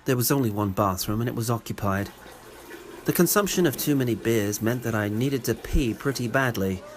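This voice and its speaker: A man's voice: mid-range voice, animated, moderate pace, slight background noise. A man with an English accent narrating a comic personal story in a wry, sarcastic way. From England.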